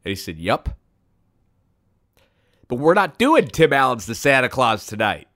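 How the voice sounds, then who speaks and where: A man telling a rambling, absurd comic story in a deadpan way, with sudden excited bursts. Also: medium pitch, a little slow. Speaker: comedic storyteller.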